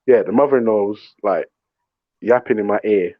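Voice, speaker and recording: A man's voice: fairly low pitch, normal speed, no echo. A man, hosting a casual chat and telling a story, mimicking other people's voices as he talks. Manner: animated, mimics voices in stories. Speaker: show host. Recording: muffled remote call audio.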